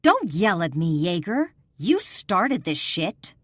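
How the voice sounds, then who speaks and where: A woman narrator voicing a fierce, sharp-tongued winged warrior woman, cutting and threatening, quick to anger. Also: lowish voice, big pitch swings, no room sound, clean studio sound. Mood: furious.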